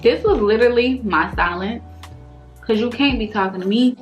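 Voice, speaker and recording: A woman's voice: fairly high pitch, moderate pace, dull audio, faint music behind. Exasperated young woman with a slangy storytime. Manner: animated, slangy and exasperated, full of rhetorical questions. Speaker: vlogger telling a dating story. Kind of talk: casual storytime.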